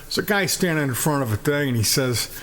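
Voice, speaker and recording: A man telling jokes in a relaxed storytelling way. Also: on the high side, fairly quick. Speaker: joke teller.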